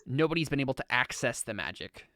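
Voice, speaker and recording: Rambling young game master, smooth voice. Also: male voice, mid-range voice, animated, quick pace, pushed and bright, no room sound, studio quality. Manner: rambling, full of "like" and "um" restarts. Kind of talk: narrating a tabletop game.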